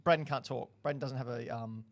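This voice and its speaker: A man's voice: mid-range voice, fairly quick. An Australian man hosting a casual podcast, joking around in a loose, rambling way. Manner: jokey, rambling, teasing. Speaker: podcast host.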